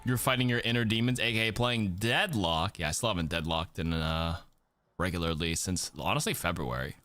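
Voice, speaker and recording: A man's voice: sits low, a little fast, pushed and bright. A man streaming a watch party, chatting casually with his chat and rambling, swearing now and then.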